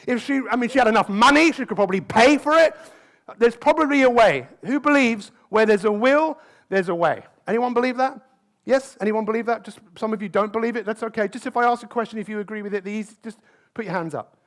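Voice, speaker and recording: High-voiced man working a live crowd. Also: fast talker. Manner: lively, keeps asking the crowd questions. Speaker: motivational speaker. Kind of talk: live talk to an audience. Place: conference stage.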